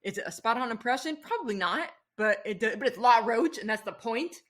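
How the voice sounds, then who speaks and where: A woman's voice: fairly high pitch, animated, brisk. A woman chatting on a podcast, gushing and rambling with frequent restarts. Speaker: podcast guest. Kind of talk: casual podcast chat.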